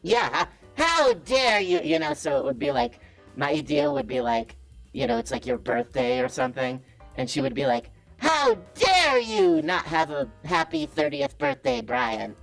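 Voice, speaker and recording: A caller doing a cocky, creaky business guru. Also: very animated, measured pace, a bit bright, soft background music, full character voice. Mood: smug. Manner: cocky, evasive and defensive, pitch swinging wildly. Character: boastful self-styled business guru, male, adult. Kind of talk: comedic impression on a call-in show.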